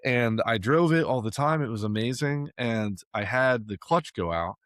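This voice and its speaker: A man's voice: medium pitch, expressive, normal speed, a bit bright, dry recording, clean studio sound. A man hosting a podcast, telling casual stories with lots of fillers and frequent laughter. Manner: chatty storyteller, laughs often, many fillers. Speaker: podcast host. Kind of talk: casual chat.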